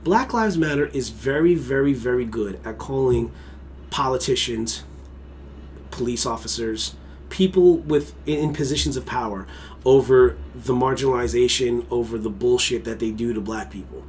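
A male podcast co-host of Mexican heritage talks in a heated, profane rant, hitting his points hard. His voice sits at an ordinary pitch, and faint noise hums behind him. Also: normal speed. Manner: heated, profane, emphatic ranting. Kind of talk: casual conversational podcast.

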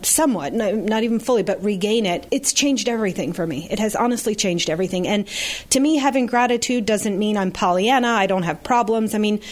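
A woman's voice: medium pitch, a little fast. A woman guest on a podcast, earnestly and reflectively telling her personal story, speaking of faith and gratitude. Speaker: interview guest.

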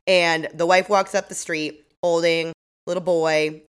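A woman with a fairly low voice chats casually as a podcast co-host. She recaps a crime show with animated energy, breaking into laughs and playing out the characters' lines. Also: unhurried, clear, resonant tone.

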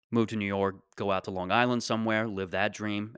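A man's voice: lowish voice, fairly even intonation, fairly quick, few pauses, a bit bright, clean tone, no room sound, studio quality. A man in his late twenties hosting a solo podcast, talking casually in a rambling, joking, self-deprecating way. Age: 20s. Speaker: podcast host.

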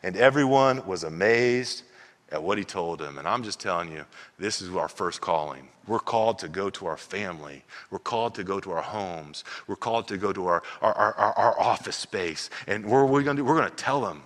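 A man's voice: low-pitched, animated, brisk, a bit bright, long reverb tail. A man preaching a sermon as pastor, emphatic and repeating himself as he builds his points. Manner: emphatic, repeats words, acts out quoted voices.

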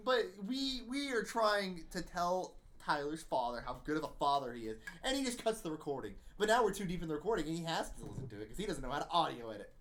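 A man's voice: fairly high pitch, very animated, quick pace, few pauses, fairly bright tone. A young man co-hosting a podcast, joking and teasing in casual chat. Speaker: podcast co-host.

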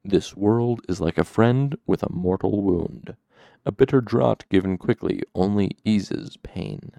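A man's voice: on the low side, measured pace, gravelly, warm tone, no echo. A man reading a weary, grief-stricken fallen hero. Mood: desperate. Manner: heavy and despairing.

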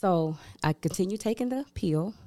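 Low-voiced woman telling her story. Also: animated, moderate pace, dark tone. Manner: candid, upbeat storytelling with many fillers. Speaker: guest, cancer survivor. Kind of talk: casual interview chat.

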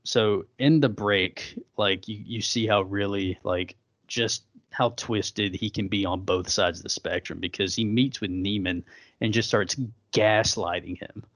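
A man with a fairly low voice talks through a film scene by scene, loose and chatty, full of fillers and quoted lines. His voice sounds close and dry, with no room around it. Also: fairly even intonation, measured pace, fairly bright tone, dry recording. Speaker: podcast co-host. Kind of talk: casual film recap chat.

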